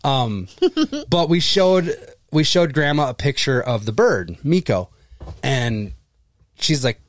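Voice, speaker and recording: A man's voice: a little high, lively intonation, measured pace, no echo. Man telling stories, swearing casually. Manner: swearing storyteller, voices people in his stories. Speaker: podcast co-host. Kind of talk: casual chat.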